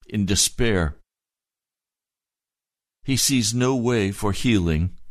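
A male pastor preaching a sermon, retelling a story in deliberate short phrases. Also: lowish voice, no room sound, clean studio sound.

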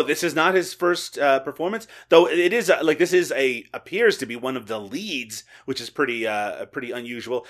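Bright-voiced, joking male podcast host. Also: medium pitch. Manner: joking, animated, laughs often. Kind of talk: casual podcast chat.

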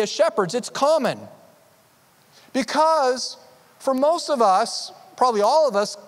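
High-voiced preaching man in a hall. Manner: earnest, conversational preaching with frequent restarts. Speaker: pastor. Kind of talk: sermon. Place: church sanctuary.

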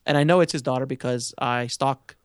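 A man guesting on a podcast, telling an animated, self-mocking anecdote and laughing often. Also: mid-range voice, brisk, clear, resonant tone, no room sound, clean studio sound. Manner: animated, excitable storyteller who laughs often. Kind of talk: casual interview storytelling.

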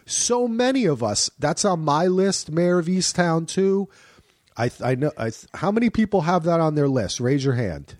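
A man's voice: on the high side, moderate pace, no room sound. Jersey guy hosting a casual group chat, voice swings all over, laughs a lot, dry close mic. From New Jersey. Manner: lively, animated, laughs easily. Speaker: podcast host. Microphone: home microphone on a call.

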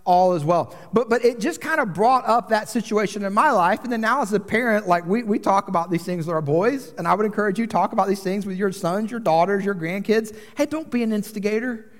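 Male pastor, forties, high voice, easygoing storyteller with a long reverb tail. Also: brisk, few pauses. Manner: storytelling, conversational, frequent asides. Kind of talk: sermon.

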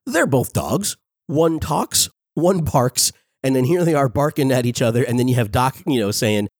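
Excited man gushing in a dry room. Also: mid-range voice, no room sound. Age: 40s. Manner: excited, quick, laughing often. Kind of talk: casual enthusiastic review.

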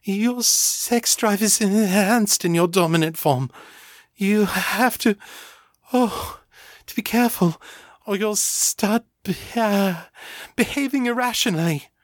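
Man doing young woman, higher voice, breathless, stammering, dry close read. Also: expressive, slow, long pauses, slightly rough, dry recording, exaggerated voice. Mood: urgent, shaky. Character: young woman, urgent and shaky, torn by desire.

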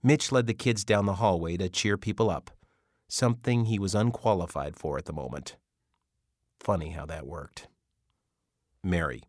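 A man narrating an audiobook novel in a measured storytelling manner. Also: low voice, no room sound, studio quality. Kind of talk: scripted narration.

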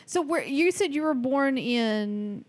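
A woman's voice: high voice, animated, slow pace. A woman with a Southern US accent hosting a podcast in casual chat, joking and frank, laughing easily. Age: adult, married. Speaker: podcast host and stand-up comic.

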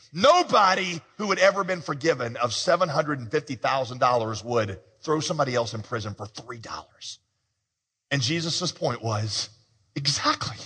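A man's voice: a little high, animated, fairly quick, pushed and bright, breathy edge, in a large hall. A man preaching a sermon as pastor, telling a story in a conversational way with humorous asides.

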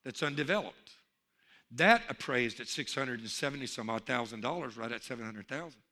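A man preaching a sermon as pastor, telling jokes with animated energy and calling out for amens. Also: mid-range voice, a little fast. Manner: animated storyteller, calls for amen.

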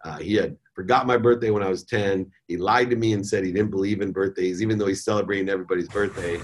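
Low-voiced middle-aged man telling a candid story. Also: fast talker, a little hiss or hum. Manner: candid and animated, casual slang like "man" and "dude". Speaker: podcast guest. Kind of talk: personal storytelling in an interview.

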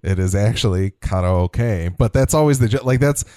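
A man co-hosting a casual podcast, relaxed and agreeable, explaining things at an easy pace. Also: lowish voice, normal speed, no room sound, studio quality. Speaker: podcast co-host. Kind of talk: casual chat.

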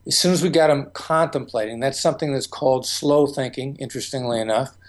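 A man's voice: mid-range voice, fast talker. A man as an interview guest, explaining negotiation tactics and acting out remembered conversations. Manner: storytelling, acts out quoted exchanges.

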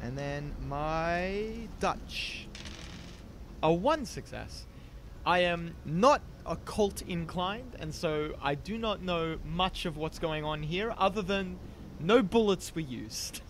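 A male player with a slightly higher voice, casually reporting his dice rolls. His humor is dry and deadpan, and there is faint hiss behind him. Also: slow pace. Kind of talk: casual tabletop play.

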